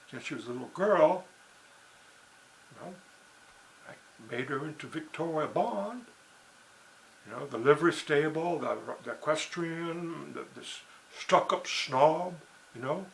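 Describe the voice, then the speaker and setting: A man's voice: on the high side, gravelly, slight background noise, rough recording. A man talking in a rambling, digressive monologue, full of "you know" and "see" and restarts. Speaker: writer and blogger.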